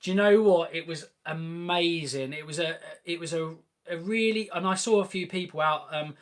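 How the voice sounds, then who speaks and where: Young male host, fairly high voice, casual and upbeat car-chat delivery, lots of ums. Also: normal speed. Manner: chatty and enthusiastic, many ums and restarts. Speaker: host of a car channel live Q&A. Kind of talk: casual live-stream Q&A chat.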